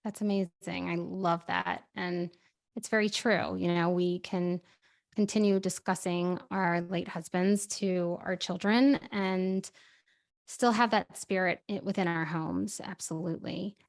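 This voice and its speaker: A woman hosting a conversational podcast interview, animated and quick to get heated. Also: fairly low pitch, creaky. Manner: animated, speeds up and swears when heated. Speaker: podcast host.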